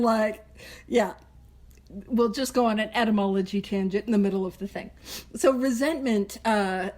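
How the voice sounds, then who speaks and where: High-voiced chatty woman leading a study. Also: a little mellow. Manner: chatty, laughs often, goes off on tangents. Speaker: host leading a recovery book study. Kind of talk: casual teaching talk.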